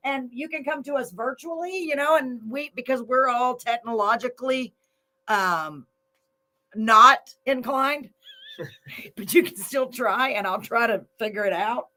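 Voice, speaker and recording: A woman's voice: a little high, measured pace, bright, forceful tone. A woman hosting a live show, folksy and gushing, laughing often. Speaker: host. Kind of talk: casual live show chat.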